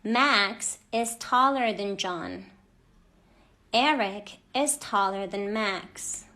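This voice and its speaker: A woman teaching an English grammar lesson to children, speaking clearly and deliberately and stressing each example word. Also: mid-range voice, bright, forceful tone.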